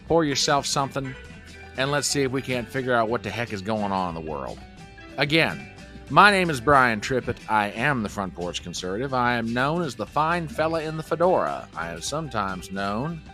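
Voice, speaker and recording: A man hosting a casual livestream, folksy and talkative, reading viewer comments aloud. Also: mid-range voice. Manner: folksy, animated, reads chat comments aloud. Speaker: livestream host.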